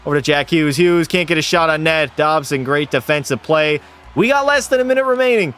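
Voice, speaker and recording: Calling hockey plays like a sportscaster, this young man from Canada streams the game live and chats casually with viewers, dropping the occasional swear. He speaks a little high and a little fast, excitable throughout.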